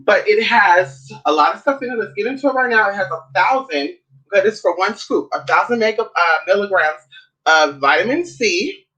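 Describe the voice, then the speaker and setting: A woman's voice: mid-range voice, animated, brisk, a bit bright, poor audio. A woman vlogging at home, chatting to her viewers in a sassy, profane way and calling them girl and honey. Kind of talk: casual chat to camera.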